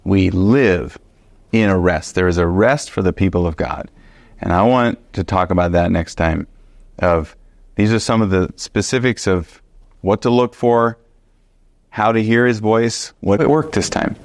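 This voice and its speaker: This Bible study teacher has a deep, unhurried voice with no echo. Sharing a personal story, he's animated and conversational, often using fillers and starting sentences over.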